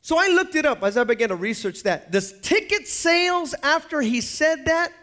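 Male pastor, high lively delivery, sermon with jokes. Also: normal speed. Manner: animated, joking, swinging between loud highs and low asides.

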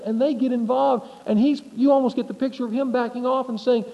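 A pastor delivering an emphatic sermon, asking the congregation rhetorical questions. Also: male voice, very high-pitched, expressive, quick pace, gravelly, few pauses, long reverb tail, highs cut off.

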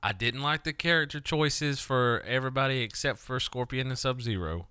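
A man's voice: mid-range voice, moderate pace, pushed and bright, clean tone, no echo, studio quality. A man co-hosting a casual podcast, blunt and teasing, cursing freely. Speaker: podcast co-host. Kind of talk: casual chat.

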